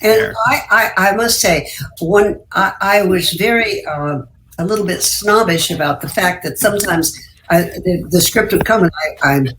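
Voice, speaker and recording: Halting woman in an echoey room. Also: mid-range voice, fairly bright tone, slight background noise. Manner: halting, many restarts and repeated words. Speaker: panel guest, actress. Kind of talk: reflective anecdote. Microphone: video call. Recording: roomy echo on a video call.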